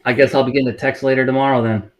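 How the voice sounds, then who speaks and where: A middle-aged man with an even, monotone voice speaks as a guest on a talk show. He explains himself in a measured way, pausing often with ums and uhs and restarting his sentences. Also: medium pitch. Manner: measured, many fillers and restarts. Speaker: mental health counselor. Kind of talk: interview guest.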